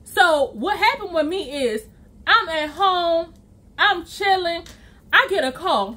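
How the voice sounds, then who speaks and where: A woman vlogger telling a storytime tale, animated and chatty, acting out quotes and sound effects. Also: very high voice, measured pace. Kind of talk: storytime vlog.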